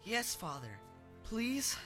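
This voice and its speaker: A man's voice: sits high, wildly swooping pitch, slow, music in the background, exaggerated voice. A frantic, earnest young man. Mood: alarmed. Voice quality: urgent and pleading. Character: frightened, earnest young man, a soldier's son.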